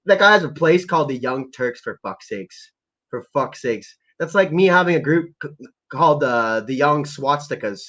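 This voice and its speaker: A man's voice: on the high side, lively intonation, normal speed, fairly bright tone. A man from Canada ranting casually and profanely to his live chat as a stream host, rambling and heated. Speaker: livestream host.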